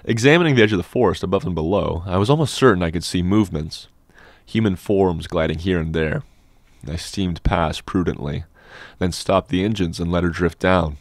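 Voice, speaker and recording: A man narrating a classic novel as an audiobook in a measured, steady storytelling manner, close on a studio mic. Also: deep voice, dry recording. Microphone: dynamic studio microphone.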